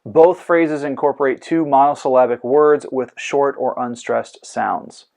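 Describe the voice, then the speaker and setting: A man with an average-pitched voice hosts a scripted lesson on poetry. He explains terms in a clear, measured lecturing tone. He lets playful jokes slip in between the definitions. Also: steady tone, darkish tone. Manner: clear lecturing with goofy comic asides. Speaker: host. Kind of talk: scripted educational podcast.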